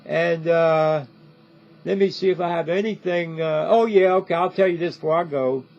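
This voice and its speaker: Dull, lo-fi audio with faint music captures an older man giving a rambling direct-to-camera commentary, full of repetition and frequent "See?" questions. He speaks at a normal pace in a slightly high, slightly mellow voice.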